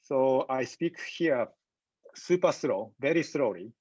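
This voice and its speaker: Halting male medical lecturer, dull audio. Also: medium pitch, animated, a little mellow, breathy edge, no echo. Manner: halting, measured, frequent pauses and fillers. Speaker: physician lecturer.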